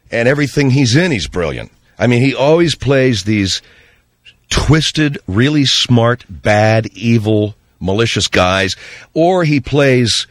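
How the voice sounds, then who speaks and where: A middle-aged man hosting a radio show, telling an animated story and slipping into voices when he quotes people. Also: fairly low pitch, dry recording, studio quality. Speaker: radio host. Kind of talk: storytelling monologue on talk radio.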